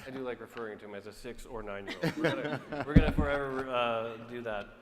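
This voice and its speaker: A man's voice: medium pitch, steady tone, fast. A man moderating a convention panel in a joking, playful manner. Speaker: panel moderator from the game studio. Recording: convention hall panel audio with crowd.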